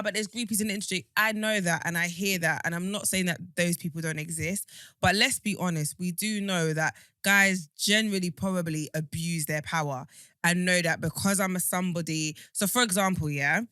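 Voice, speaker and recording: A woman's voice: on the low side, steady tone, normal speed, bright, forceful tone, clean tone, no room sound, studio quality. A woman, co-hosting a podcast in casual chat, talking emphatically with many restarts. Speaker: podcast co-host.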